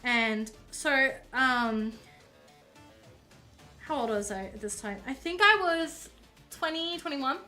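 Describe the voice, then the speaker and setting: A woman's voice: sits high, slow pace, pauses often, pushed and bright, faint music behind. A woman streamer telling a story casually, rambling along with plenty of fillers while she paints at home.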